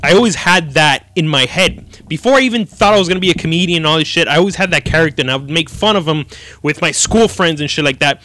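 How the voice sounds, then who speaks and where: A man's voice: a little high, pushed and bright, no echo. A young man, hosting a casual solo podcast and telling stories in a profane, jokey way. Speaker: podcast host.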